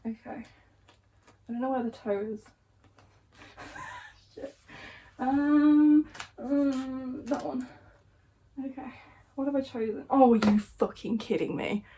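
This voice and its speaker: A young woman, talking casually to camera about her reading plans. Her voice sits a little on the high side, and she chats loosely, swears freely and jokes with exasperated humor. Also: sing-song, slow, long pauses, dark tone, a little hiss or hum. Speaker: book vlogger. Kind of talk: casual chat.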